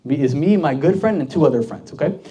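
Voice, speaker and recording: A man's voice: fairly high pitch, expressive, quick pace, mellow. A young man, a deacon, giving a casual storytelling sermon to a youth group, talking conversationally with many fillers and questions to the audience.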